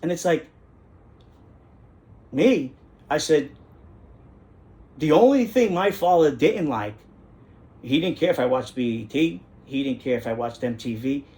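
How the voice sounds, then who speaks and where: A man's voice: a little high, expressive, measured pace, long pauses, dark tone. A middle-aged man, hosting a casual monologue in an indignant, rambling way that repeats phrases for emphasis. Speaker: host.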